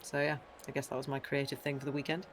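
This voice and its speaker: A man co-hosting a casual stream chat, telling a story lively and acting out the people he quotes, heard over a remote voice call. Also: medium pitch, fast, a little hiss or hum. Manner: animated storyteller who acts out quoted people. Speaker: co-host and trumpet player.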